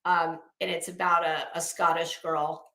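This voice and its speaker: A woman's voice: fairly low pitch, level tone, measured pace, bright, forceful tone, echoey room. A woman streamer doing casual commentary, chatty and sassy, talking straight to the people she discusses. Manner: chatty, sassy, addresses people directly with asides and laughs.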